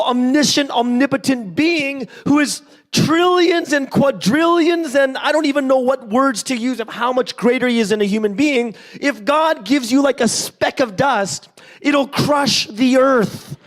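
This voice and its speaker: High-voiced man preaching animatedly. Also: a little slow. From Canada. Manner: animated storytelling, constantly checks in with "right?"; questions the congregation directly and acts out little voices. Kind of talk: interactive sermon. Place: church service.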